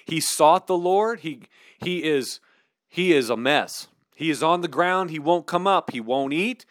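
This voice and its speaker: A man preaching earnestly and conversationally. His voice sits a little high for a man. It is recorded close and dry, with no room echo. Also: unhurried, a bit bright. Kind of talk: sermon teaching.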